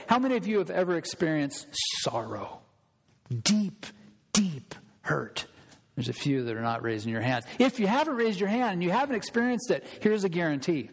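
A man preaching a sermon in a lively, conversational way, asking the audience questions and explaining scripture. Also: fairly high pitch, big-room sound. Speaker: pastor.

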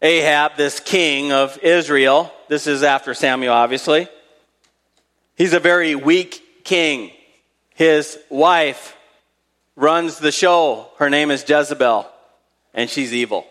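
A man's voice: fairly high pitch, slow, a bit bright, in a large hall. A man preaching a sermon, reading scripture aloud and retelling Bible stories in a conversational way with dramatic emphasis.

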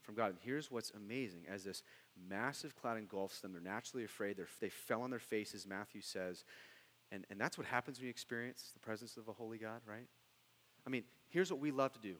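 A man preaching a sermon, animated, dropping to hushed tones and then rising into loud, excited bursts. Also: fairly low pitch, brisk, long reverb tail, low-quality recording. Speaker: pastor.

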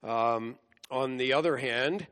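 A man preaching an expository sermon, explaining scripture verse by verse in a measured way. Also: mid-range voice, fairly bright tone, clear, resonant tone. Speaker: pastor. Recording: long hall reverb.

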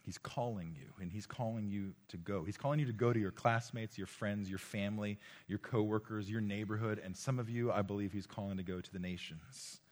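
A man delivering a sermon to a room of young people, his low-pitched voice swinging between loud, urgent exhortation and quiet, hushed lines. He often repeats words and restarts phrases as he speaks. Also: a little fast, few pauses. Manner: impassioned, rising and falling between loud exhortation and hushed tones. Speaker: preacher. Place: room with a live audience.

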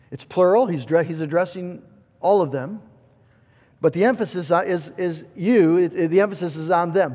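A man's voice: high-pitched, measured pace, long pauses. A man preaching a sermon with earnest emphasis, often repeating words as he restarts a thought. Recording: muffled sound with long hall reverb.

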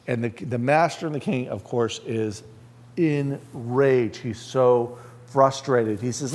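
A man's voice: medium pitch, takes it slowly, darkish tone. A man as a pastor, preaching a conversational sermon and asking the listeners rhetorical questions.

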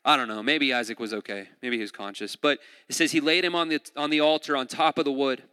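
A man preaching a sermon in a lively, conversational way, retelling a scripture story with asides and jokes. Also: mid-range voice, fast talker, clean tone. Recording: long hall reverb.

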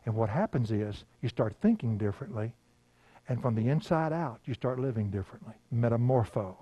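An older man, preaching a sermon in a folksy storytelling way, laughing often and dropping to a hush. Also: medium pitch, animated, fairly quick, no room sound, lo-fi sound. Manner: folksy storytelling, laughing, swings from loud to hushed. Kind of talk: sermon with personal stories.

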